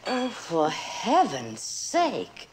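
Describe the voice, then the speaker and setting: An actress playing a blunt, sharp-tongued older mother-in-law with a tart, scornful way of talking, in a 1960s film comedy. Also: medium pitch, wildly swooping pitch, drawn-out words, exaggerated voice. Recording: old film soundtrack with hiss.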